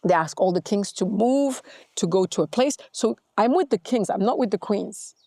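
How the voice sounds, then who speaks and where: A woman's voice: medium pitch, expressive, moderate pace, mellow, dry recording, studio quality. A middle-aged woman, a guest in an interview, telling her story with animation and acting out the voices in it. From Congo.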